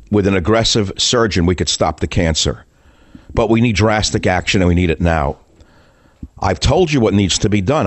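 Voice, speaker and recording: An older man hosting a political talk radio show, delivering a fiery, rhetorical monologue with sudden high-pitched outbursts, close to a studio mic. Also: no echo.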